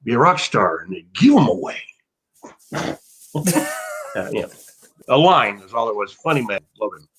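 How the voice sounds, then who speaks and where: An American man, an actor guest in a casual interview, telling rambling, self-mocking stories with bursts of loud laughter. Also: mid-range voice, huge pitch swings, measured pace, pauses often, husky, poor audio.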